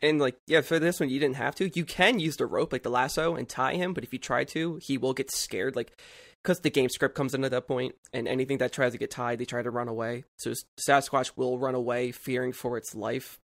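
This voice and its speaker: Gravelly man rambling through a story. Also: mid-range voice, steady tone, fairly quick, no echo. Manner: rambling storytelling full of "like" fillers. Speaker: podcast co-host. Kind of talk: casual podcast chat.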